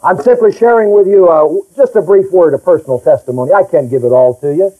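A man's voice: high-pitched, fast talker, narrow, tinny audio. A middle-aged male pastor preaching a folksy, emphatic sermon and reading scripture aloud.

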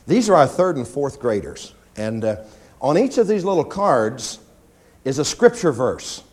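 A pastor preaching a sermon in church, animated and often mimicking whining prayers. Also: male voice, unhurried. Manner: animated preaching, acts out pleading prayers in a high whine.

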